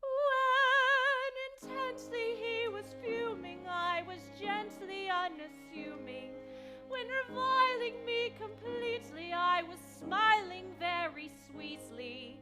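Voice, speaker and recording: A woman's voice: very high voice, slow pace, over loud music. A woman playing an imperious stage duchess. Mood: triumphant. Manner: tart, sweeping operatic singing. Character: imperious middle-aged duchess, domineering wife. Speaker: opera singer. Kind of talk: staged operetta, spoken and sung. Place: theatre stage, live performance.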